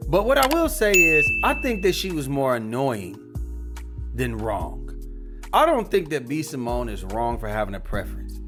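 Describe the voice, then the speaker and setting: A man's voice: mid-range voice, sing-song, normal speed, loud music behind the voice. Opinionated man hosting a commentary video. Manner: candid, conversational, opinionated. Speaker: commentary channel host.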